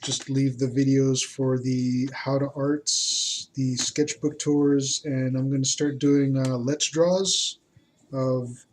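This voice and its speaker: Slow, rambling male artist. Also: medium pitch, slight background noise. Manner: rambling, hesitant, many fillers. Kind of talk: casual talk while drawing.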